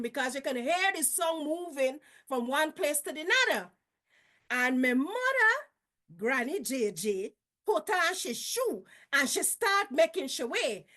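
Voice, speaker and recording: A woman with a Guyanese accent telling childhood stories in a lively, folksy way. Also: high voice. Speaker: storyteller. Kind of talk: casual storytelling.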